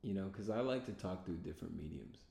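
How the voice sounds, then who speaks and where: Gravelly low-voiced man rambling a story. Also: animated, fast, mellow. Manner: rambling, laid-back, full of fillers. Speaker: vlogger. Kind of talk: casual storytelling to camera. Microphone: self-recorded camera mic. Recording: echoey room with faint rumble.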